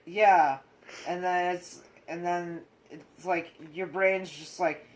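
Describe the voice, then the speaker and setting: A young man talking in a slow, unhurried way. He chats casually and haltingly, often stopping to search for words and restarting his sentences. He speaks as a co-host recounting his own experience. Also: high-pitched, steady tone, poor audio. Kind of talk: casual chat.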